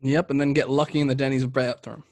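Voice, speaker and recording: A man's voice: mid-range voice, level tone, fast talker, darkish tone, no echo. A young man co-hosting a beer review podcast, chatting casually with crude, joking banter. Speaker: podcast co-host reviewing beers. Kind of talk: casual chat.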